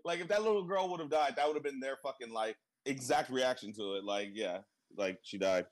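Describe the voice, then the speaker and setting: A young man co-hosting a casual podcast, excitable and swearing freely, laughing often. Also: mid-range voice, a little fast, no echo. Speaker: podcast co-host. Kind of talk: casual chat.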